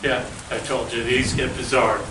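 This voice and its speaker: A man's voice: mid-range voice, level tone, normal speed, crowd noise. A man hosting a casual livestream, rambling and asking leading questions. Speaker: host. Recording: roomy, far from mic, rain behind.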